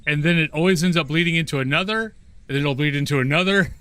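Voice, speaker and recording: Male game streamer, bright slightly higher voice, relaxed chatty banter, self-deprecating. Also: fast, clear, resonant tone. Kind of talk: casual gameplay chat.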